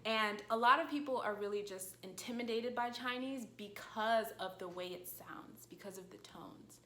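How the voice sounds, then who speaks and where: A woman teaching a video lesson in an animated way, her voice swooping up high when she acts out calling a dog. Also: normal speed. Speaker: language teacher. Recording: echoey room.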